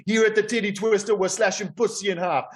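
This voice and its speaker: A man voicing a loud, sleazy male strip-club barker with a Mexican accent, shouting bawdy sales patter at passing customers. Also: high-pitched, steady tone, fast, pitched above the performer's own voice, natural voice. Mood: hustling.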